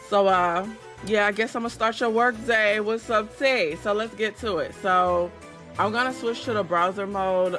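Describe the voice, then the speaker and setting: Blunt, profane woman streaming at dawn. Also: lowish voice. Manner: blunt, profane, chatty with viewers. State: voice cracking, just woke up. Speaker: livestream host. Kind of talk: casual livestream chat.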